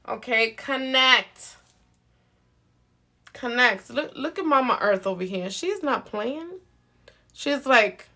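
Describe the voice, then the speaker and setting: A woman's voice: fairly high pitch, slow, bright, forceful tone. A woman giving a live zodiac card reading, coaxing her viewers over and over with affection and frequent laughs. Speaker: tarot card reader.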